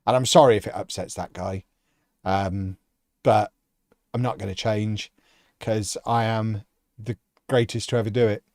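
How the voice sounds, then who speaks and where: A man's voice: fairly low pitch, dry recording, clean studio sound. A man and football commentator chatting sarcastically to his viewers on a live stream while playing, often laughing. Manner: sarcastic, animated, quick to laugh.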